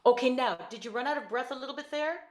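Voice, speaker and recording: A woman voice teacher coaching a student over a video call, giving quick praise and clear instructions. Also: high voice, echoey room. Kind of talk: virtual one-on-one singing lesson.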